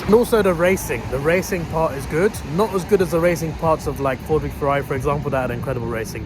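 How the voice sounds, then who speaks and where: Chatty young man vlogging outside. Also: mid-range voice. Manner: chatty, rambling, laughs often. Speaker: movie vlogger. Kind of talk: casual movie review vlog. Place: outdoors and in a cinema. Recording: noisy outdoor phone recording. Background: wind and traffic.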